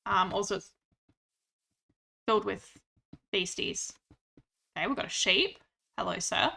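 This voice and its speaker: Bright, playful woman streamer. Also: medium pitch, measured pace, vocal fry. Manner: playful, chatty, reads chat aloud. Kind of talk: casual gaming stream chat.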